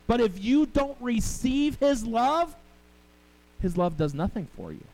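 A man's voice: very high voice, sing-song, unhurried, gravelly, a little mellow, rough recording. A middle-aged male pastor preaching a sermon, telling family stories and talking with the congregation. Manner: storytelling, conversational with the congregation.

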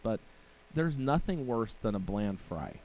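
Here the preacher's voice is lowish and darkish, a bit slow and sing-song. He keeps things conversational with rhetorical questions like "right?" and side remarks, reading verses in King James language, all on a low-quality recording.

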